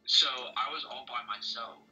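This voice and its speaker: Young male friend, bright, raspy tone, blunt and contrary. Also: mid-range voice, fairly even intonation, moderate pace, muffled recording, faint music behind. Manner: stubborn, blunt, argues back. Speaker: friend and game player. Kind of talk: casual gaming chat.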